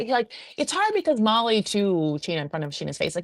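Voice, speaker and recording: A woman hosting a podcast, chatting in a gossipy, animated way full of asides as she recaps a reality show. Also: medium pitch, fast talker, hardly any pauses, no room sound, studio quality. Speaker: podcast host.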